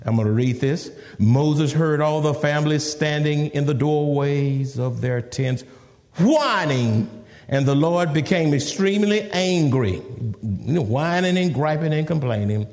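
A man's voice: fairly high pitch, a little slow. Male preacher, sermon, dramatic scripture voices, long hall echo. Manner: animated, laughing asides, acts out scripture in a raised voice.

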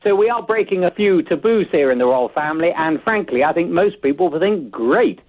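A male correspondent calling in over the phone, giving measured, thoughtful analysis with many hesitations. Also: a little high, expressive, a little hiss or hum. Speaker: foreign correspondent. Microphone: phone line. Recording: tinny phone line.

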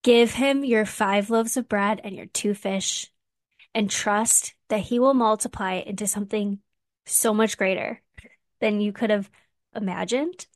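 Earnest woman podcast host, mid-pitched, dry close recording, heartfelt chat. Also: unhurried, dry recording. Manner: earnest and heartfelt, getting emotional. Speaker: mom. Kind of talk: casual faith podcast talk.

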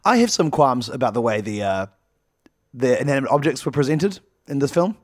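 A man's voice: medium pitch, lively intonation, fairly quick, dry recording, studio quality. A man co-hosting a casual, comedic podcast chat, rambling through jokes and laughing often. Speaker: podcast co-host.

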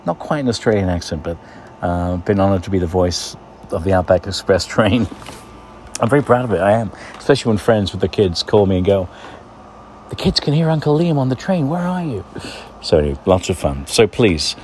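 A man's voice: deep voice, fairly quick, a little hiss or hum. A man hosting a casual segment, chatting loosely with lots of fillers. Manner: relaxed, chatty, many uh fillers. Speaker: radio host. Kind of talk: casual weekly segment chat.

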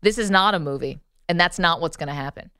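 A woman's voice: fairly low pitch, fast talker, bright, forceful tone, clean tone, no room sound, clean studio sound. A woman co-hosting a sports talk show, giving opinionated takes in a casual debate. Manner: opinionated, argues points with laughs.

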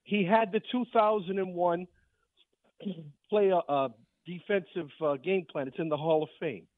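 A man calling into a sports radio show, arguing his point with rapid, combative rebuttals. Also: high voice. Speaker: caller. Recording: tinny phone line.

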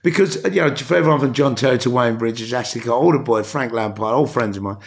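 A middle-aged man with a London accent, an actor telling stories as a podcast guest, animated and swearing freely. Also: medium pitch, fast talker. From England. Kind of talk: casual podcast interview.

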